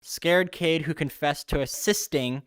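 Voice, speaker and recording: Host, middle pitch, wry amused asides, casual, dry close mic. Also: unhurried, clear, resonant tone, dry recording. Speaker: host reading and reacting to stories. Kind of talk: casual reactions.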